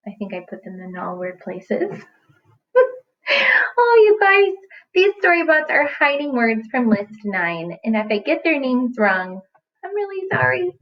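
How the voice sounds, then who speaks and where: A woman's voice: fairly high pitch, highs cut off, a little hiss or hum. A woman teaching young children in a recorded lesson, talking in a playful, exaggerated sing-song way. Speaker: kindergarten teacher.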